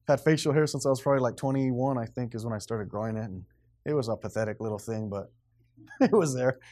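A man's voice: mid-range voice, brisk, pauses often. A man, preaching a blunt, emphatic sermon as pastor. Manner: blunt, emphatic preaching, grows loud and animated.

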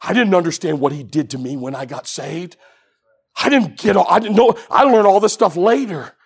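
Gravelly high-pitched preacher man. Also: normal speed. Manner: animated storytelling that swings from hushed to shouting. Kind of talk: sermon.

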